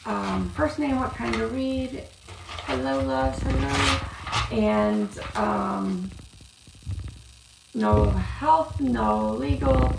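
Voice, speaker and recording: A woman reading cards on a live stream, chatting warmly with viewers and calling them love. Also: medium pitch, expressive, extremely slow, gravelly, long pauses, distant mic, over loud music. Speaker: card reader. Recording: echoey room, off-mic, noisy.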